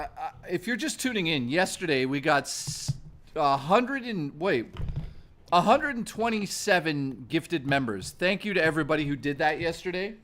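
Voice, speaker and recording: A man's voice: on the high side, a bit bright, slight background noise. A man live-streaming in casual chat, joking around and swearing freely.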